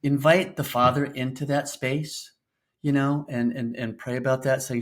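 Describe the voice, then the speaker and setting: A man's voice: medium pitch, little pitch movement, moderate pace. Middle-aged man, podcast co-host; mid-range voice, loose and rambling, encouraging casual talk. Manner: rambling, frequent fillers and restarts, encouraging. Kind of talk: casual faith-based parenting chat.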